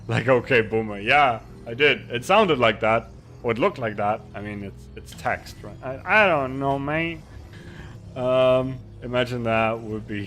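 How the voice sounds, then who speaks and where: A man's voice: fairly low pitch, a bit bright. A man streaming a game, chatting casually, rambling and mocking himself while reading chat aloud into a desk microphone.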